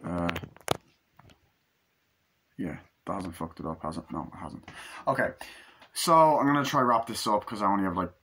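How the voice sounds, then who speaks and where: A man's voice: sits low, expressive, moderate pace, long pauses, bright, forceful tone, breathy edge. A man in his twenties reviewing a movie into his phone, rambling and swearing, with lots of fillers. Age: 20s. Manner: rambling, profane, full of fillers. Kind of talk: casual movie review monologue.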